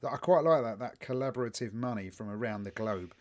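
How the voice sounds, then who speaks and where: A young man co-hosting a casual podcast, rambling through stories with plenty of swearing. He keeps slipping into quick mock quotes of what people said, then drops back into his everyday mid-pitched voice. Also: darkish tone. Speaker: podcast co-host. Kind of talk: casual chat.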